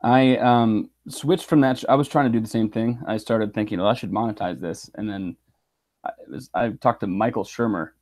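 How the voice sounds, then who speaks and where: A man guesting on a podcast, speaking in a calm, measured way. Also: on the low side. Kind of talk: casual podcast chat.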